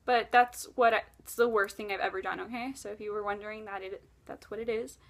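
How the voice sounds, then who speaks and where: A woman vlogger telling a personal story in an emotional, earnest way, swinging between loud outbursts and hushed moments. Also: medium pitch, steady tone, fairly quick. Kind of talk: confessional storytelling vlog.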